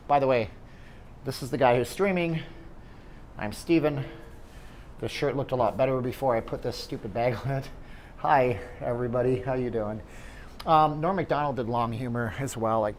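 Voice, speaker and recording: Walking down a city street outside, a livestream host chats loosely and rambles to his audience in a medium-pitched voice. A little hiss or hum can be heard in the recording.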